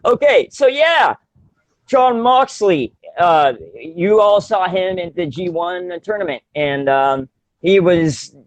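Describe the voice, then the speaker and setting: A man's voice: high voice, lively intonation, slow, no echo, lo-fi sound. A man co-hosting a casual podcast, rambling with many fillers and restarts and laughing often. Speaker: podcast co-host.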